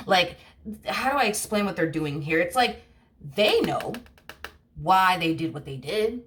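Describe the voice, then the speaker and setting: A woman's voice: fairly low pitch, animated, measured pace, a bit bright, slight background noise. A woman giving a casual tarot reading, rambling and blunt, full of fillers and the odd curse word. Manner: rambling, heavy "you know" and "like" fillers, blunt swearing. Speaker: tarot reader.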